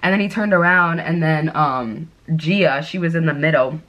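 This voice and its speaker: Young woman doing her makeup and just talking, bubbly and rambly, kinda low voice. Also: moderate pace, a bit bright, muffled recording. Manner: chatty, bubbly storytelling with lots of fillers. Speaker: beauty vlogger. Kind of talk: casual chat while doing makeup.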